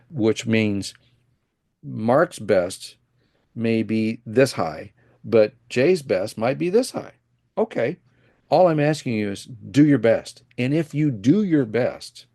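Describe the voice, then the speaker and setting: Gravelly, low-voiced man telling stories. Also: no echo, studio quality. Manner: animated storyteller who acts out quoted dialogue. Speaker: guest, financial planner and former coach. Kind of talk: casual storytelling in a podcast interview.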